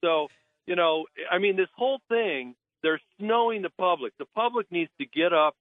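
A man's voice: sits high, lively intonation, moderate pace, no room sound. A man calling in as a guest on a radio talk show, blunt and indignant, talking over a phone line. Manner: indignant, blunt, mocks officials in put-on voices. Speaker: naturalist guest.

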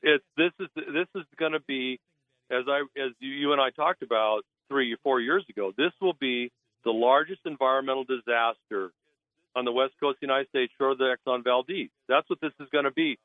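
A man of medium pitch talks fairly quickly as a phone-in guest on a radio talk show, with no room sound. The naturalist is indignant and blunt, putting on voices to mock officials.

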